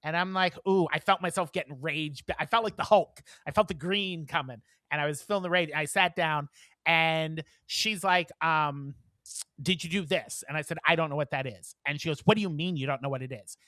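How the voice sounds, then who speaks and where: A man co-hosting a podcast, telling a story in casual chat, animated and profane, acting out the dialogue. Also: fairly high pitch, moderate pace, dry recording. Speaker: podcast co-host.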